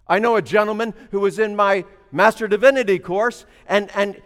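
A man preaching a sermon, telling a story and then building to loud, emphatic preaching. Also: sits high, steady tone, normal speed, in a large hall.

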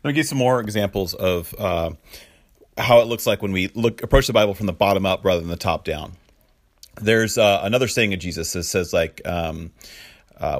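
A man's voice: sits low, moderate pace, no room sound, studio quality. A man preaching in a conversational way, with casual fillers and chuckling asides. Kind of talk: conversational sermon teaching.

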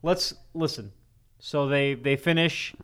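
A man's voice: fairly high pitch, slow pace, fairly bright tone, clear, resonant tone. A man co-hosting a podcast, recapping a reality show in blunt, casual talk and getting heated. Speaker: podcast co-host.

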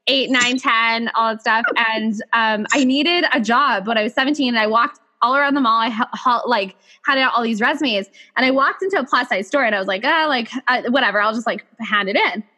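A woman hosts her podcast and tells a story from her own life in loose, casual chat. Her voice sits a little high and rings bright. She talks animatedly and keeps dropping "like" between her phrases. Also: a little fast, hardly any pauses. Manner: animated, filler-heavy "like" talk. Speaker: podcast host.

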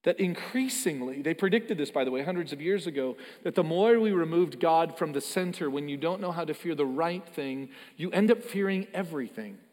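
A man's voice: on the high side, animated, brisk, few pauses, darkish tone. Preaching man in a reverberant hall. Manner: earnest, emphatic preaching with frequent word repeats. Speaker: pastor. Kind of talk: sermon.

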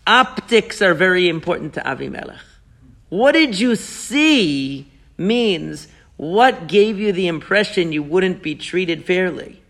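A man leading a Torah class discussion, explaining the text with animated rhetorical questions and quoting Hebrew verses. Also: high voice, slow pace, gravelly. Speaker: Torah teacher.

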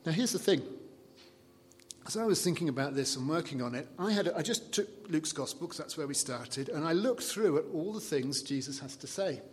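A man preaching a sermon in a conversational way, dropping soft and low to quote scripture. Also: expressive, a little fast, slight background noise. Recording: long reverb of a large hall.

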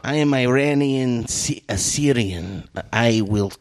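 A man voicing a menacing security guard who makes flat threats in broken English. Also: mid-range voice, takes it slowly, pitched below the performer's own voice, natural voice. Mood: coldly threatening. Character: menacing deadpan male security guard, adult.

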